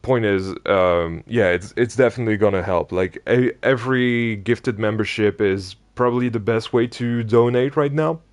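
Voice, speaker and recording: A man streaming a game, chatting casually and rambling with many hesitations, his voice going a little hoarse. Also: lowish voice, normal speed, hardly any pauses. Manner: rambling, hesitant, hums tunes softly. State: losing his voice. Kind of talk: casual live-stream chat while playing.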